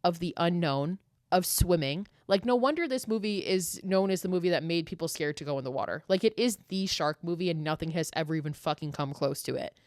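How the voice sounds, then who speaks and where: A woman in her late twenties from the US East Coast hosting a solo podcast, telling stories in an emphatic, profane, animated way. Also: lowish voice, a little fast, no room sound, studio quality. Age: late 20s. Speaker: podcast host. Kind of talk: casual solo podcast monologue.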